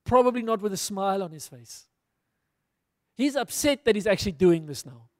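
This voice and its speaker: A man with a high voice preaches in a relaxed, storytelling way, slipping into the voices of the people in the story. The voice sits close and dry on the mic. A long hall reverb trails behind every phrase. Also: normal speed. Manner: casual storytelling, acting out dialogue. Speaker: pastor. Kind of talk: sermon.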